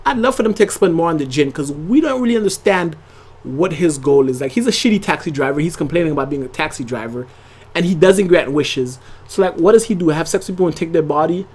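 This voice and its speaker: A channel host talks through a TV episode in a loose, conversational way. The voice sits mid-pitch and moves at an ordinary pace. The delivery keeps circling back with asides and quick check-ins to the viewer. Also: expressive, a little mellow, slightly rough. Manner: rambling and conversational, leaning on "like" and tag questions. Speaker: TV show reviewer and channel host. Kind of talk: casual episode review to camera.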